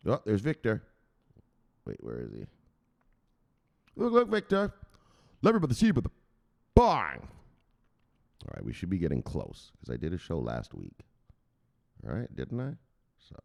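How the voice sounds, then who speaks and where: Jokey, wildly animated male crypto host. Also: rumbling low, brisk, vocal fry, pauses often. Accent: American. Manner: loud, jokey, laughing, shouting catchphrases. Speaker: crypto news channel host. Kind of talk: casual livestream-style vlog chat.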